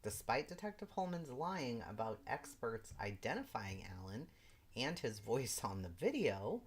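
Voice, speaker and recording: A woman's voice: extremely low pitch, very animated, unhurried. A woman hosting a live stream, reading a legal brief aloud and breaking off into exasperated, disbelieving remarks. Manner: exasperated, incredulous asides. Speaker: livestream host.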